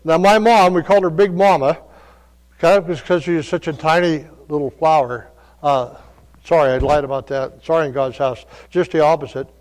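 A man preaching a sermon, telling stories in a folksy way that moves between quiet asides and loud calls. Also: fairly high pitch, steady tone, normal speed. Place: church. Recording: long reverb of a church hall.

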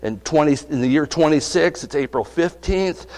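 A man's voice: on the high side, expressive, normal speed, a little mellow. A middle-aged male pastor preaching a sermon, conversational and asking his congregation questions. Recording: long reverb of a hall.

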